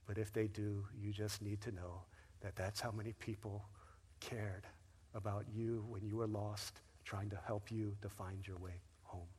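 A man's voice: fairly low pitch, level tone, a little slow, a little mellow, slightly rough. A man preaching a sermon, telling a personal story in a conversational way and briefly acting out the voices of the people in it. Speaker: pastor. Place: church sanctuary. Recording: long reverb of a large hall.

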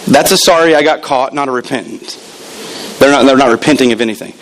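A man's voice: medium pitch, fast, a little hiss or hum, rough recording. A man preaching a sermon as pastor, emphatic and repeating key words, acting out the voices he quotes.

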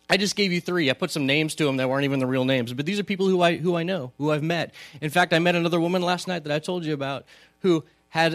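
A man with a fairly high voice preaches a sermon in a relaxed, conversational way. He keeps turning to the congregation with questions. The sound is dry and close, with little room echo. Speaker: pastor. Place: church hall.

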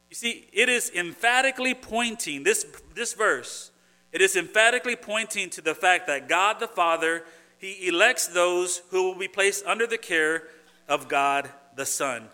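A man's voice: high voice, normal speed, pushed and bright. A man preaching a sermon, earnest and conversational, who often restarts phrases and builds to emphatic points. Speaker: pastor.

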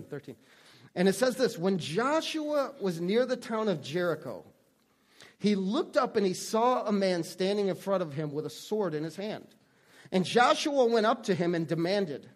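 A male pastor with a high, light voice delivers a sermon in an earnest, conversational way. He often stumbles and restarts his sentences as he talks to his congregation. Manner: earnest, halting with frequent restarts.

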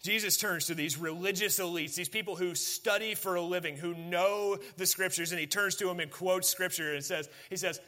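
A man's voice: high voice, steady tone, moderate pace, few pauses, sharp tone. A man, preaching a sermon as pastor in a conversational way, full of rhetorical questions and folksy asides.

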